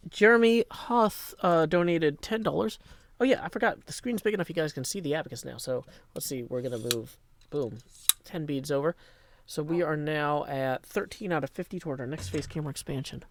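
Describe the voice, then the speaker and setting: A chatty gaming streamer from Nashville, Tennessee, provides casual live commentary on his gameplay in a fairly high voice. He's self-deprecating and often drops into a hushed mutter, and there's a slight hiss or hum in the recording.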